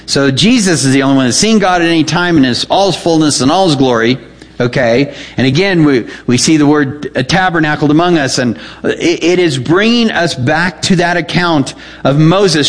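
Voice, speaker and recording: A man's voice: fairly high pitch, animated, moderate pace. A man preaching a sermon, reading scripture aloud and checking in with his listeners as he explains it. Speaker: pastor.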